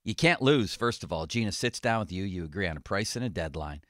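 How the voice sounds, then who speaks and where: Low-voiced joking radio talk host. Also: male voice, a little fast, no echo, clean studio sound. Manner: relaxed, joking, conversational. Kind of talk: casual sports radio chat and host-read ads.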